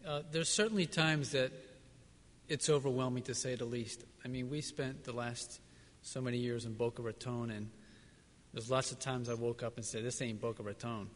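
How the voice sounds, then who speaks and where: Male missionary, mid-pitched, earnest and reflective, answering onstage, long hall reverb. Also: steady tone, normal speed. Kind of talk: church service interview answers.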